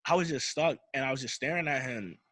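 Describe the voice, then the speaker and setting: A man's voice: mid-range voice, fast, a bit bright, no room sound. A young man telling a personal story in casual, slangy talk, often repeating himself and restarting as he recounts it. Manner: slangy, repeats "I'm like" and restarts while retelling. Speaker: podcast host.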